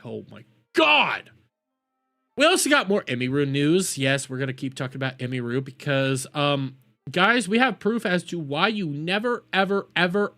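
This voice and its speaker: A man hosting a live stream, ranting loudly and swearing as he repeats his points. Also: on the high side. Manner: loud profane ranting, repeats himself. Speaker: streamer host.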